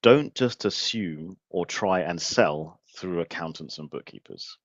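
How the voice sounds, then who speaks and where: A man's voice: sits low, expressive, unhurried, no room sound, lo-fi sound. A man hosting a casual live show, talking bluntly and animatedly and swearing freely. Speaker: podcast host. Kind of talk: casual livestream chat.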